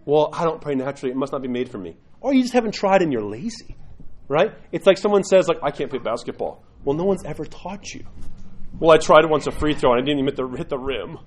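Quick middle-aged guy preaching to a class, kinda high voice, acts out little quotes as he goes. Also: poor audio. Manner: lively, conversational, acts out quotes. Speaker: church teacher. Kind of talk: sermon-style class talk.

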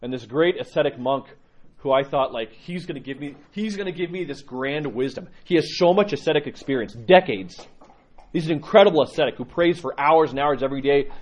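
A man preaching a conversational sermon as an Orthodox priest, telling stories and acting out quoted lines with animated swings. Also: a little fast, lo-fi sound. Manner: animated storytelling, acts out quotes with rising pitch.

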